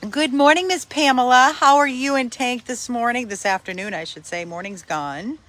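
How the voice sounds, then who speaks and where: Outdoors in a yard, a woman runs a casual live stream for a dog rescue on her phone, greeting viewers by name. She breaks into high, sing-song baby talk with the dogs. Her pace is moderate and her tone a bit bright.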